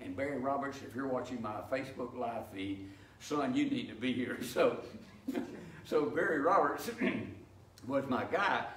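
Recorded in a church sanctuary with an echoey, distant sound and faint ambience, an older man leads a Bible study in a folksy, explanatory style full of homey anecdotes. He speaks a little slowly at medium pitch, with a slight hiss or hum.

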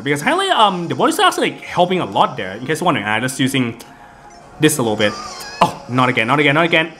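Male gameplay commentator, slightly high voice, rambling casual delivery with frequent restarts. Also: sharp tone. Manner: rambling with many fillers and restarts. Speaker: gaming video host. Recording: game music in the background.

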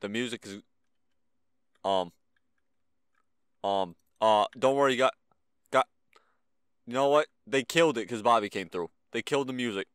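A young man giving casual gameplay commentary as a gaming YouTuber, excitable and slangy, with sudden loud outbursts. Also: mid-range voice, measured pace, pauses often, smooth, no echo, studio quality.

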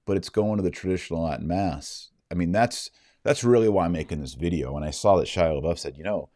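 A male host reading a news story aloud in a brisk, earnest way and adding his own commentary. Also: low voice, mellow, dry recording, clean studio sound.

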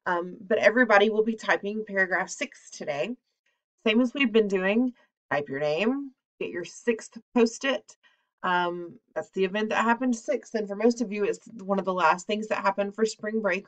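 Chatty woman teacher giving class instructions. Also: mid-range voice. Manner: chatty, with frequent ums and off-hand asides.

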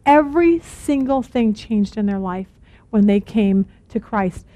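A middle-aged woman teaching a women's Bible study, earnest and animated, repeating words for emphasis. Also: medium pitch, unhurried.

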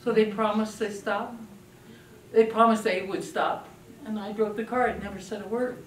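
An older woman giving a parenting talk to an audience, telling stories in an animated way and acting out children's voices. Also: mid-range voice, normal speed, echoey room, recorded from a distance, a little hiss or hum. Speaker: parenting speaker.

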